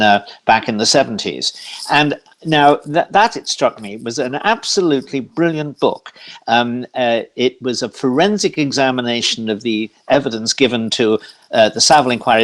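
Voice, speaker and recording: A man hosts an interview and builds a long question at a medium pitch. He halts and hedges, filling gaps with short sounds. He is heard over a video call. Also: a bit bright. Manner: halting, hedging with fillers. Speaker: interviewer host.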